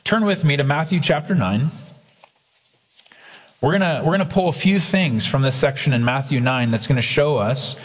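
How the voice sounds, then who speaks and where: A man's voice: a little high, normal speed, in a large hall. A man preaching a sermon, emphatic and repetitive, with casual asides to the congregation. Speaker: pastor.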